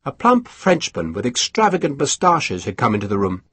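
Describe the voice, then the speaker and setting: A man narrating an audiobook in an expressive storytelling manner. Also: medium pitch, moderate pace, slightly rough, dry recording. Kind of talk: scripted narration.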